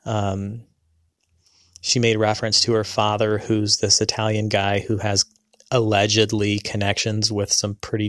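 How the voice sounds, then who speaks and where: A man in his thirties rambles through a personal story for his audience, full of fillers, restarts and self-corrections. His voice sits on the low side, captured in a dry, studio-quality recording.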